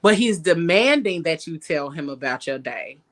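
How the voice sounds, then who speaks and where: A woman's voice: deep voice, big pitch swings, normal speed. A woman hosting a casual podcast, teasing and slangy, laughing often as she sets up a scene for her guests. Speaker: podcast host.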